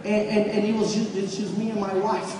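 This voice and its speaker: A man giving a motivational stage speech to an audience, repeating phrases, building up to shouts and getting the crowd to call back. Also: sits high, level tone, brisk, background noise. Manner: repetitive, rising to shouts, audience call-and-response. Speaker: motivational speaker at a business event. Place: large event hall with audience. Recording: echoey hall from far off, crowd. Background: audience laughter and murmur.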